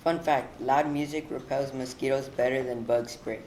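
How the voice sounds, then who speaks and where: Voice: medium pitch, fairly even intonation, normal speed, darkish tone. Student anchor, echoey and a little noisy. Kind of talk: school news broadcast. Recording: echoey room with faint noise.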